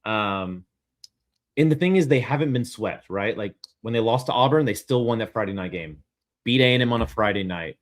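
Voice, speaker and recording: Man, podcast co-host, low voice, measured, stat-focused, wry. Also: expressive. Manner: measured, reasons through stats, wry asides. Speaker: co-host of a college baseball show. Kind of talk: casual sports chat.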